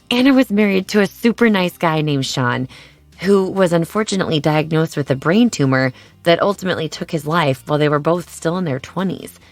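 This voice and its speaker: A woman host giving a measured, earnest scripted narration to open a podcast episode. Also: low voice, no room sound.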